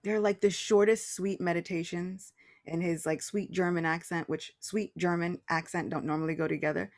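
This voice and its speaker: A woman in casual spiritual conversation as a podcast guest, animated and laughing often, restarting her phrases. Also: on the low side, normal speed.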